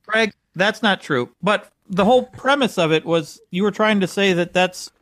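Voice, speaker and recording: A man's voice: high-pitched, normal speed, a bit bright, no echo, studio quality. A man co-hosting a comedy podcast as the skeptical straight man, questioning claims and giving short acknowledgments. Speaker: podcast co-host. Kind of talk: casual comedic chat.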